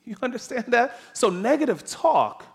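Animated preacher man, lively pitch. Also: moderate pace, husky. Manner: animated, emphatic, varies from soft to loud. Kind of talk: sermon.

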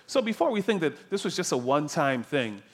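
A man preaching a sermon, emphatic and animated, dropping soft and then rising loud. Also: on the high side, fairly quick.

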